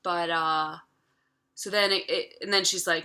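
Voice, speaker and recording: A woman's voice: fairly low pitch, fairly even intonation, moderate pace, bright, forceful tone. A woman in her thirties casually retelling a film from memory, chatty and profane, full of filler words. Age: 30s. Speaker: vlogger.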